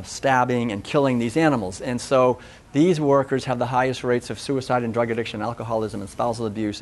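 A man giving an animated, conversational public talk at a festival, often acting out voices. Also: medium pitch. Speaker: speaker.

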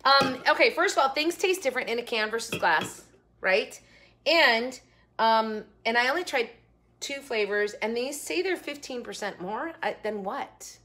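Young woman rambling thru a kitchen food review, kinda high, bright tone. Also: expressive, moderate pace, slight background noise. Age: young adult. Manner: chatty, rambling, giggly asides. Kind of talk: casual chat. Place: home kitchen.

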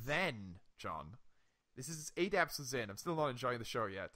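A young man co-hosting a casual podcast, retelling a TV episode with lively swearing and frequent laughs. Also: mid-range voice, brisk. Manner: animated storytelling, swearing, laughing often. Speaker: podcast co-host. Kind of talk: casual chat.

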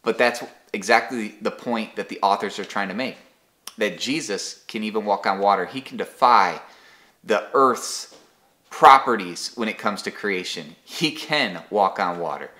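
A man's voice, on the low side, pushed and bright, goes a little slowly as he leads an online Bible study. It's casual devotional teaching, conversational, with frequent word repetitions on restarts and everyday examples.

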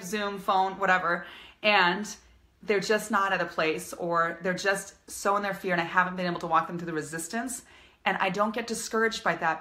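A woman's voice: mid-range voice, pushed and bright. A woman business coach giving an upbeat, emphatic live-streamed coaching talk, repeating her key phrases.

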